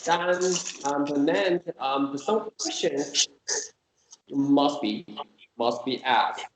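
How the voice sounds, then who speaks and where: A man teaching Korean in an online class, explaining slowly and patiently and repeating example sounds. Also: fairly high pitch. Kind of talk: online language lesson. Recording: echoey room with faint noise.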